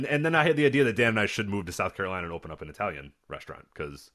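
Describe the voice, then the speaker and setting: Podcast co-host, male, quick and lively, acts out voices in his stories. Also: fairly low pitch. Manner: animated storyteller, acts out voices in anecdotes. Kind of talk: casual chat.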